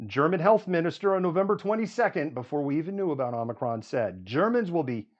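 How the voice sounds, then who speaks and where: A man's voice: fairly high pitch, expressive, fast, muffled recording. A man hosting a live news show, reeling off statistics with frequent "um"s and running commentary. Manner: reels off statistics with frequent fillers.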